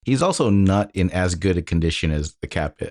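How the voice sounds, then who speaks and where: A man's voice: low-pitched, animated, fairly quick, darkish tone. A man co-hosting a podcast in easygoing casual chat about a movie, often agreeing briefly and laughing. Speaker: podcast co-host.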